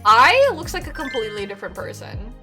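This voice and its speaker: Excitable woman chatting over gameplay, very animated pitch, faint music under it. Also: fairly quick. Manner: excitable, giggly, exclamatory. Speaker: streamer. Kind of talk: casual game commentary.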